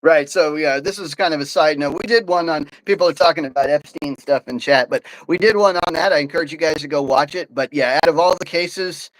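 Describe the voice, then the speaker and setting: A man hosting a live political talk show, speaking in an animated, opinionated way with many fillers and restarts. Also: a little high, brisk, hardly any pauses, poor audio. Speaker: podcast host.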